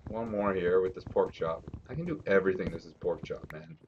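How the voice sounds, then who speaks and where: A deep-voiced man streams a game live at a brisk pace, talking to his chat and cursing often as his frustration builds. He uses a desk mic, and the stream audio is slightly dull and lo-fi with a little hiss or hum.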